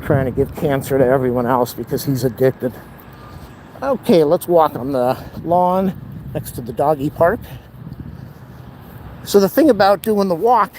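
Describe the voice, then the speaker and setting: A man's voice: fairly high pitch, a little mellow, slight background noise, low-quality recording. Rambling man on a walking vlog. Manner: rambling, wry and blunt. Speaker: vlogger. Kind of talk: casual walking vlog monologue. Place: outdoors on city streets and lawns. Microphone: camera held while walking.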